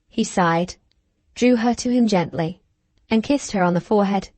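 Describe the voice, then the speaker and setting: A woman narrating a classic novel as an audiobook in a measured, even storytelling manner. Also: mid-range voice, no room sound.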